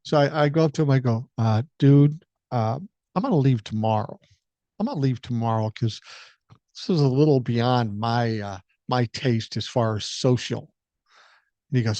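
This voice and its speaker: A man's voice: medium pitch, moderate pace, warm tone, dry recording. An older man with a Minnesotan accent hosting a solo podcast, telling a profane story and acting out the quotes. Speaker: podcast host. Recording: dry, slightly dull podcast mic.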